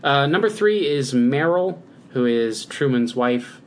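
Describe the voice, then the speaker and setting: A man's voice: mid-range voice, expressive, a little slow. A man co-hosting a podcast in casual chat, agreeable and easygoing, often trailing off mid-thought. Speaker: podcast co-host.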